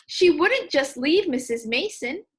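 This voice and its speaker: A woman's voice: high-pitched, expressive, measured pace, voice pushed up. A woman voicing an anxious, earnest young boy in a children's storybook. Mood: worried. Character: worried young boy, Jamal.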